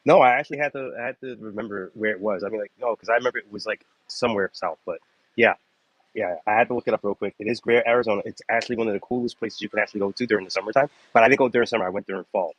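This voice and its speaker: A man's voice: fairly low pitch, racing, no echo. A man rambling casually on a live chat, full of fillers and restarts. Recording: dull lo-fi sound.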